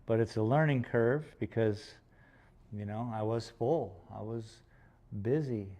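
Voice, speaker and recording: A man's voice: medium pitch, a little slow, warm tone, lo-fi sound. A man chatting casually on a livestream while he paints, rambling and joking with some swearing. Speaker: painter streaming live.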